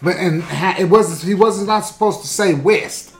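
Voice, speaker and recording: A co-host telling stories in a casual chat, animated and stammering through restarts. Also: mid-range voice, normal speed, soft background music. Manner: animated, acts out quoted voices, stammering restarts. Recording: roomy echoey room.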